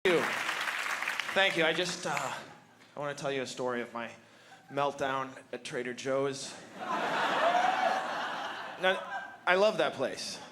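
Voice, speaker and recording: A stand-up comedian on a club stage, delivering sarcastic, mock-indignant rants into a handheld mic. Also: male voice, mid-range voice, measured pace, pauses often, a loud crowd, very noisy. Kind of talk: stand-up set.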